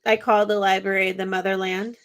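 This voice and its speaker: A woman's voice: medium pitch, flat delivery, brisk, fairly bright tone. A woman chatting as a guest on a book podcast, teasing and playful. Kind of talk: casual chat.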